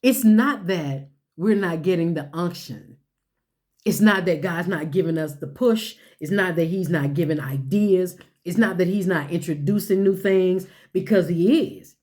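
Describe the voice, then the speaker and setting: A woman delivering a motivational sermon, her voice mellow and a little low. She drives points home with rhetorical questions and repetition, in folksy everyday phrasing. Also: a little slow. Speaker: speaker. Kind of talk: motivational sermon-style talk.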